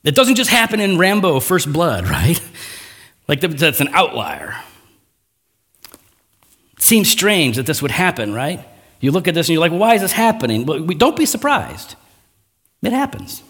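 A man preaching a sermon with a somewhat high voice that swoops up and down a lot. He talks casually, tossing in slang and asides, and acts out the scripture quotes with rising energy. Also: measured pace, pauses often, breathy edge. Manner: animated, acting out biblical quotes in raised voice. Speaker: pastor.

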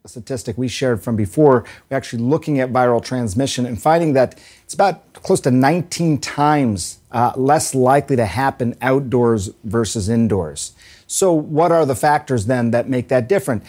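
A man answering in a broadcast interview, calm and explanatory. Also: medium pitch. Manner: measured, explanatory. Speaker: interviewed expert.

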